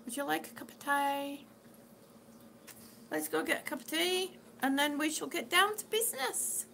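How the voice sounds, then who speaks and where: A woman's voice: sits high, moderate pace, gravelly, bright, forceful tone, a little hiss or hum. A woman chatting on a live stream, reading out viewer comments in an affectionate, chatty way and calling people sweetie. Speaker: vlogger reading live chat. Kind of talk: casual live-stream chat.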